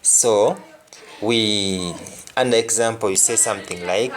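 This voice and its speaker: A woman's voice: rumbling low, unhurried, a crowd in the background. A woman teaching a patois lesson, repeating each phrase and its reply. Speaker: language teacher.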